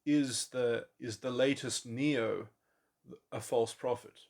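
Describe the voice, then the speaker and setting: Man, gravelly voice, solo monologue, halting restarts, thinking aloud. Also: medium pitch, steady tone, a little mellow. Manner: musing, halting, with many restarts and fillers. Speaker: podcast host. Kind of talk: speculative monologue on psychology. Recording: voice memo.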